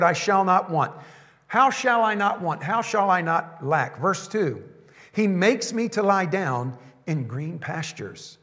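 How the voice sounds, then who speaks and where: A pastor preaching a sermon, slowing down to stress the scripture lines he quotes. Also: high-pitched, a bit bright, in a large hall.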